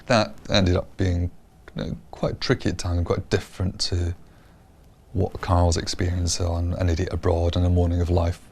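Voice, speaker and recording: A man explaining the making of a show in a measured, explanatory way. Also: sits low, little pitch movement, darkish tone, slight background noise. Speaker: producer of the show. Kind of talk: explanatory interview.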